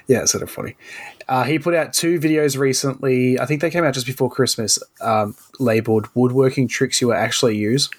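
A man's voice: medium pitch, steady tone, brisk, slightly rough. A man who is a podcast regular in casual chat, making dry, blunt remarks.

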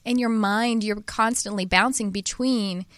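A woman hosting an interview, telling stories in a rambling, animated way with many restarts. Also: mid-range voice, measured pace, dry recording, clean studio sound. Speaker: podcast host. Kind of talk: casual interview chat.

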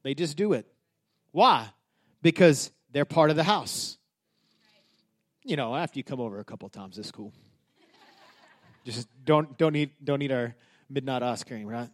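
A man's voice: mid-range voice, lively intonation, a little slow, pauses often. A middle-aged man, a pastor, preaching a conversational sermon that climbs to emphatic peaks.

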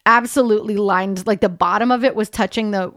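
A woman's voice: mid-range voice, fairly even intonation, brisk, a bit bright, dry recording, clean studio sound. Chatty woman podcast co-host. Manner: chatty, rambling with many fillers. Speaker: podcast co-host, dog photographer. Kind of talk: casual chat.

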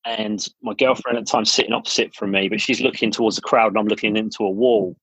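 A man's voice: lowish voice, fairly even intonation, fast talker, a bit bright, slightly rough, no echo. A middle-aged English man, a studio founder, chatting casually as a podcast guest and telling stories with frequent restarts. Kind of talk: casual interview storytelling. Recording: dull lo-fi podcast audio.

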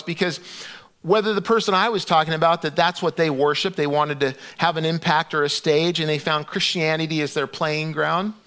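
Middle-aged male pastor, fairly high voice, chatty sermon delivery with lots of restarts. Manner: conversational, animated storytelling with restarts.

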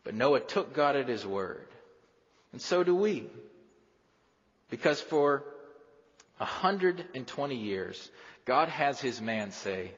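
A pastor preaching a sermon in a church sanctuary, dramatic, swinging from loud questions to hushed lines. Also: male voice, mid-range voice, very animated, slow pace, long pauses, slightly rough. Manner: dramatic, rises and drops sharply, acts out quoted voices. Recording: dull sound, long hall reverb.

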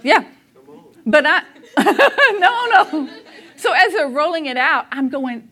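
A woman speaks in a high, bright voice. She is middle-aged and tells a family story to a church crowd. She talks animatedly, laughs often and acts out what people said. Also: animated, slow, pauses often. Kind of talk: storytelling talk to a church audience.

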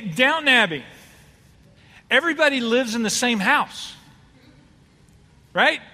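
Guy pastor giving a chatty sermon, kinda high voice, big echoey church hall. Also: pushed and bright. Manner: conversational, asks the congregation questions. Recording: reverberant hall.

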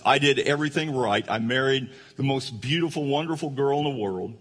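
Man, storytelling sermon, folksy, husky, long hall reverb. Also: mid-range voice, a little fast, hardly any pauses, fairly bright tone. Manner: folksy, addresses the audience directly. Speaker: speaker.

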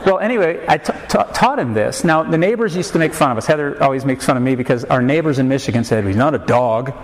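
A man's voice: mid-range voice, lively intonation, fast talker, rough recording. Storytelling pastor man in his forties. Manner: storytelling with humor, acts out quoted voices; emphatic rhetorical questions. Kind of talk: sermon.

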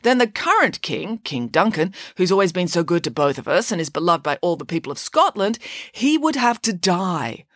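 A woman's voice: fairly low pitch, sing-song, normal speed, a bit bright, no room sound, studio quality. A woman voicing a sensible, cautious male sidekick who reasons politely. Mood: wary.

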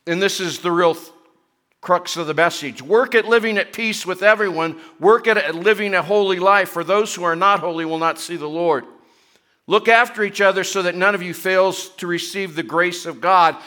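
A middle-aged man preaching a sermon, chatty with joking asides, growing louder and higher when he reads and presses scripture. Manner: chatty, self-deprecating asides between scripture readings; rising in pitch and force when reading and pressing scripture. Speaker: pastor.

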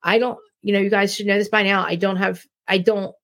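Jersey lady rambling blunt on her live stream, gravelly fry in her voice. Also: medium pitch, little pitch movement, a little fast, fairly bright tone. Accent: New Jersey. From New Jersey. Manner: rambling, blunt, many restarts. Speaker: live-stream podcast host. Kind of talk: casual live-stream chat.

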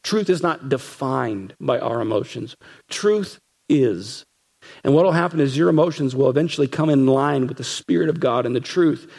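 A man's voice: medium pitch, animated, moderate pace, creaky, darkish tone, breathy edge. A man preaching a sermon as pastor, emphatic, repeating phrases and acting out what people say. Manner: emphatic, repeats phrases, acts out quoted voices.

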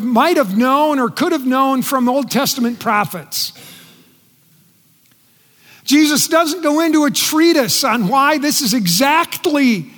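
A man preaching a sermon in earnest, his voice dropping soft and quiet when he speaks quoted words. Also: very high voice. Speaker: pastor. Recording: long reverb in a large hall.

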